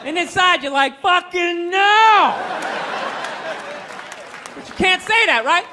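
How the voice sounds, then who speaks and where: High-voiced ranting stand-up comedian. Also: male voice, fairly quick. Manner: ranting, profane, animated. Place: large hall with an audience. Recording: echoey hall, faint crowd noise.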